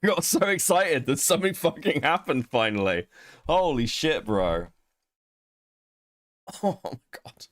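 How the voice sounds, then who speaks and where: A man's voice: medium pitch, moderate pace, dry recording. Young guy streaming, swears a lot, voice bouncing up and down, dry close mic. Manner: swearing, animated and joking. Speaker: streamer co-host. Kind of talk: casual livestream chat.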